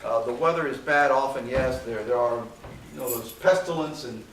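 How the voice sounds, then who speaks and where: A man's voice: medium pitch, moderate pace, a bit bright. A man giving a university history lecture in a conversational way, with frequent "okay" fillers and dry sarcastic asides. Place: lecture hall. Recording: very echoey hall, far from mic, faint hiss.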